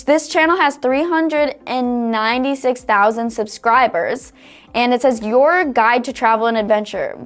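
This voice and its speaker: A young woman hosting a casual screen-recorded tutorial, upbeat and chatty, laughing often. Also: a little high. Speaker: online tutorial host.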